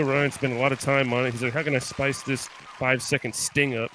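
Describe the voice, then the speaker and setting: A man co-hosting a comedy podcast over a remote call, mock-aggressive and crude, swinging from low mumbles to loud hype greetings. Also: steady tone, brisk, few pauses, a crowd in the background, noisy background. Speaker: podcast co-host. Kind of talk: casual comedic banter.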